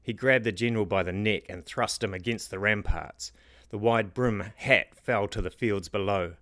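A man narrating his own fantasy book in a measured, dramatic reading. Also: lowish voice, fairly bright tone, no room sound, clean studio sound. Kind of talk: storybook narration.

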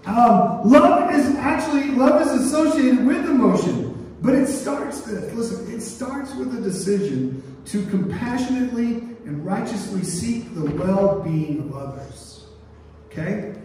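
Preacher in an echoey church hall. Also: male voice, very high voice, expressive, measured pace, a little mellow, recorded from a distance, a little hiss or hum. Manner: call-and-response preaching, asks the congregation to repeat phrases; sings a line playfully. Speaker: pastor. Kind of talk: sermon. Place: church sanctuary.

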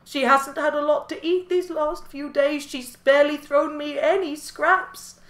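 Woman voicing a hooting, squeaky male owl. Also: steady tone, measured pace, echoey room. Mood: curious. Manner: hoots, high and loud.

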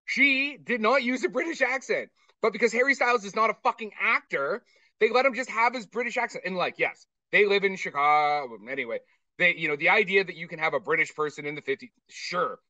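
A man's voice: sits high, fairly quick, no echo, distant mic, highs cut off. A man co-hosting a podcast, chatting casually and profanely while reviewing a movie. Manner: profane, ranting, animated. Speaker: podcast co-host.

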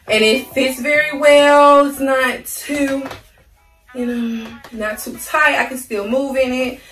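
A woman's voice: high-pitched, steady tone, takes it slowly. A young woman chatting playfully about clothes she bought, using slang and addressing viewers as y'all. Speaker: haul vlogger. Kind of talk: casual clothing haul chat. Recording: roomy sound, mic at a distance, soft music.

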